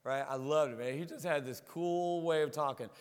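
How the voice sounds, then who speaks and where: Man, pastor, conversational sermon, high voice, long hall reverb. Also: normal speed, clean tone. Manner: conversational, repeats words while searching.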